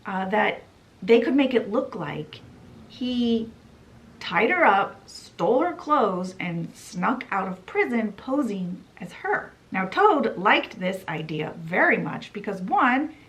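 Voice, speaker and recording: A woman's voice: medium pitch, poor audio. A woman hosting a book channel, summarizing a classic story in a chatty, playful way with dramatic asides.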